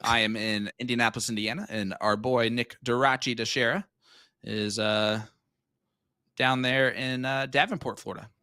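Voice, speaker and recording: Brief: thirties male sports caller, bright tone, playful teasing banter, dry close mic. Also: mid-range voice, steady tone, moderate pace, clean tone, no echo. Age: 30s. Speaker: darts commentator. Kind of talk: casual live commentary.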